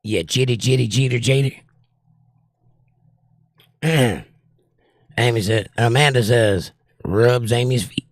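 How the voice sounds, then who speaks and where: Reading chat comments aloud and firing jokes back, a man runs a casual livestream in a medium-pitched voice that sounds strained and breathless. The sound is clean, studio-grade, with no echo.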